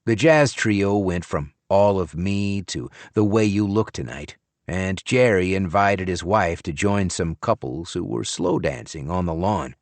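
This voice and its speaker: A man narrating an audiobook in the first person, in a measured, expressive storytelling manner. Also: low-pitched, no echo.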